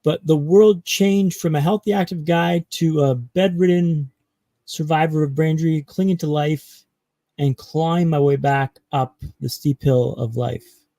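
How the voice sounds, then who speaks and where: A man from Canada tells his life story as a podcast guest, building each beat with dramatic pauses. His voice sits a little high for a man but is gravelly and mellow. The recording is close and dry, with no room around it. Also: fairly even intonation, no room sound, low-quality recording. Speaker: guest speaker.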